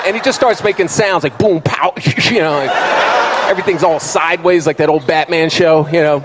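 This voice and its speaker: A man doing an animated stand-up comedy routine on a club stage, acting out every character. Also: a little high, fairly quick, noisy background. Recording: live stage with crowd laughter.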